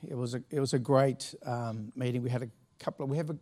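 A man's voice: medium pitch, fairly even intonation, quick pace, warm tone. A middle-aged man, a pastor telling a story from the pulpit in a chatty, laughing way with many restarts. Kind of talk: sermon anecdote.

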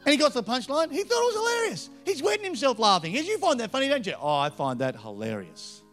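A middle-aged man with an Australian accent preaching a story-filled sermon, swinging between loud punches and hushed asides. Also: extremely high pitch, sing-song, rapid-fire. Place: church with live band. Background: faint music from a band.

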